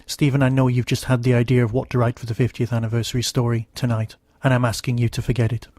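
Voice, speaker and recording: A man's voice: mid-range voice, level tone, fast, a little mellow, no room sound, lightly acted. A man doing a pleading alien time traveller. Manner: earnest, pleading.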